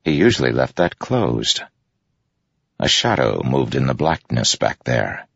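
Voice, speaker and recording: A man narrates a story in a very deep, gravelly voice with lively shifts of pitch. His voice is husky. The recording is dry and slightly muffled. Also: no room sound. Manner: measured, steady storytelling. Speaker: audiobook narrator. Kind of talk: scripted narration.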